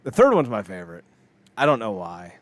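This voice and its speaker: A man's voice: on the low side, wildly swooping pitch, fairly quick. A man co-hosting a podcast, chatting in a rambling, jokey way and laughing often. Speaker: podcast co-host. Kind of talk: casual chat.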